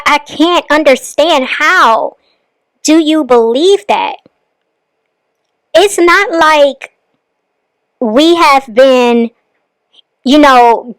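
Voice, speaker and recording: A woman's voice: sits high, no echo, low-quality recording. A woman hosting a reaction channel, commenting critically and with disbelief on a clip she has just played. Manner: critical, incredulous, measured.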